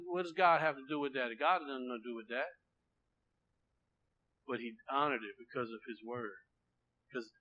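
A man preaching a sermon, swinging between loud proclaiming and quiet, low asides, often repeating himself. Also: poor audio.

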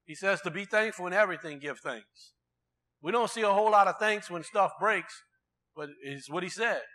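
A man's voice: high-pitched, moderate pace, pushed and bright. A man preaching a sermon in a conversational way, asking the congregation rhetorical questions.

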